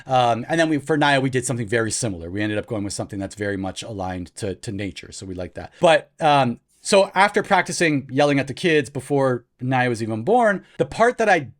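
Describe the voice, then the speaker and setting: A man's voice: mid-range voice, very animated, a little fast, hardly any pauses. A man in his thirties, co-hosting a podcast, tells a long story in a loose, rambling way full of fillers. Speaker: podcast co-host. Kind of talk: casual chat.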